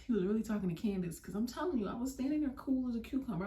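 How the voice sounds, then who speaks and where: A young woman vlogger telling a story, animated and slangy. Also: fairly high pitch, rapid-fire, hardly any pauses. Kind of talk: storytime vlog. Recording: roomy, mic at a distance.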